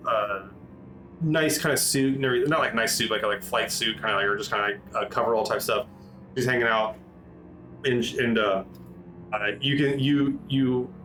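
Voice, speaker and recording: A man's voice: medium pitch, bright, forceful tone, low-quality recording. Rambling man running a tabletop game. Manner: rambling, many restarts and fillers. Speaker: game master.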